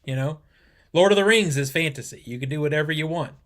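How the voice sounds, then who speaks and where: A man co-hosting a podcast, easygoing and enthusiastic, swearing casually in relaxed chat. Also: on the high side, fast. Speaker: podcast co-host.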